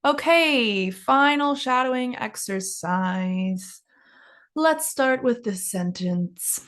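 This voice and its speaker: High-voiced woman teaching English phrases. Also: animated, a bit bright. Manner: repeats each phrase slowly and clearly for learners; casual, encouraging. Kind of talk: English lesson with shadowing drills.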